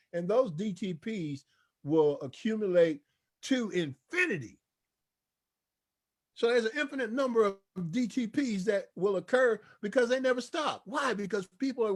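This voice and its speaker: Man, higher-pitched voice, upbeat, preacher-style sales presenter. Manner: preachy, call-and-response; enthusiastic, repetitive hype.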